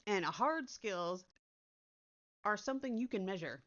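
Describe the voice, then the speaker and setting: A woman chatting casually to her audience, talking bluntly and dropping swear words along the way. Her voice sits at an ordinary middle pitch. The sound is a bit dull and lo-fi, as if it is picked up by a computer's built-in microphone. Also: animated, measured pace, fairly bright tone. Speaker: content creator. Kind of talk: casual chat. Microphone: built-in computer mic instead of her usual microphone.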